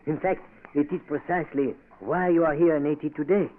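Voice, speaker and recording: An actor playing a suave cynical doctor, old radio. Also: male voice, fairly high pitch, fairly even intonation, fairly quick, close to an everyday voice. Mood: persuasive. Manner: suave, ironic, keeps saying monsieur. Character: cynical male French-educated doctor, smooth aide. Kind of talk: 1940s radio acting. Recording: tinny old radio broadcast with faint hiss.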